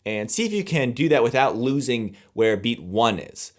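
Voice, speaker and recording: A man teaching music to camera, explaining rhythm in a relaxed, conversational way and scat-singing the beats as he counts. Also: medium pitch, moderate pace, background noise.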